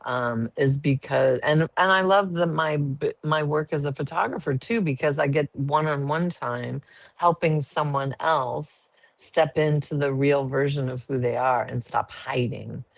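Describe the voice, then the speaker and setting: A woman's voice: deep voice, unhurried, creaky, no echo. A woman guest sharing her story in an interview, earnest and emotional. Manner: earnest, emotional, laughs easily.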